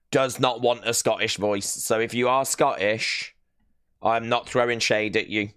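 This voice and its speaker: A man's voice: mid-range voice, fairly bright tone, smooth, no echo, studio quality. A man hosting a live watch-along stream, chatting casually and rambling a little as he reads out viewer messages. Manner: chatty, rambling, self-mocking, with fillers.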